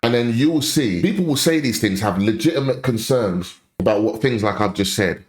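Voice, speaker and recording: This commentary host's voice is on the low side, expressive and fairly quick as he rants his opinions about a clip. He comes across as blunt and passionate, restating his points for emphasis.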